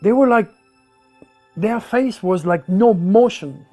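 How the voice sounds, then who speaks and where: Here a slow, high voice belongs to a native French speaker from the south of France, his French accent clear over soft background music. He's an animated storyteller in an interview, recounting his own stories and performing what people said.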